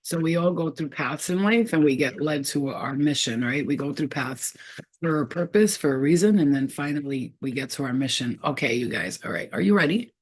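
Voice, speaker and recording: A woman with a husky, breathy voice reads for her viewers, talking straight to the camera. She is streetwise and swears freely, and she repeats herself for emphasis. She halts and trails off as she tries out half-heard names. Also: sits low, lively intonation. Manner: casual, blunt and profane, with emphatic repetition; halting, trailing off while sounding out names. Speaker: psychic reader. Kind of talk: spiritual reading to camera.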